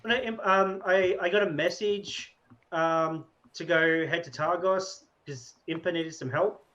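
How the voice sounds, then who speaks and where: Brief: man, tabletop player, rambling and stammery, somewhat high voice, dull lo-fi sound. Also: measured pace, a bit bright. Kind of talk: playing a tabletop game.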